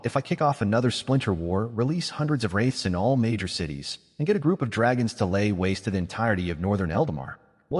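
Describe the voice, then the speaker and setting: A man voicing a calm, scheming male mage who reasons in a measured way. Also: fairly low pitch, husky, long reverb tail.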